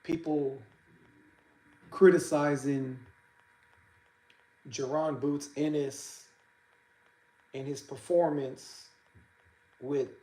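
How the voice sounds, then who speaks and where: A man hosting a casual boxing livestream, talking haltingly with many fillers and restarts and greeting viewers by name. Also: fairly high pitch, steady tone, dark tone, reverberant, low-quality recording. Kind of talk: casual live-stream talk.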